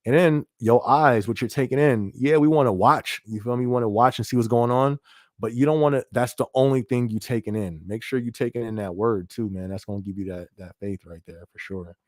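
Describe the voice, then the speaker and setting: Male live-stream host, casual and loose, mid-pitched voice, close dry mic. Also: fairly quick, no echo. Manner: laid-back, laughs often, frequent fillers like "you feel me". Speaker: livestream podcast host. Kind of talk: casual live-stream chat reading viewer comments.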